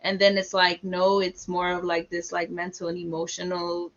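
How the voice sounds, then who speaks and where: A woman hosting an online open mic and chatting warmly with a performer over a video call. She is enthusiastic and chatty, with lots of fillers. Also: on the low side, completely flat delivery, moderate pace, dull audio. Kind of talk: casual chat.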